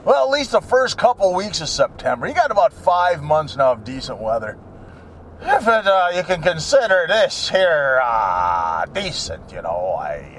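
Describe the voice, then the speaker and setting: Rambling older man, lively high voice. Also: slight background noise. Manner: jokey, rambling, laughs at his own jokes. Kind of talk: rambling casual monologue.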